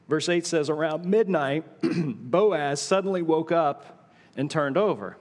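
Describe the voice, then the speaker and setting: A man with a high, bright-toned voice preaches to his congregation, slowing for hushed dramatic pauses and lifting for playful asides. His words ring out into a large church room with a long trailing reverb. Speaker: pastor. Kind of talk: sermon. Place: church auditorium.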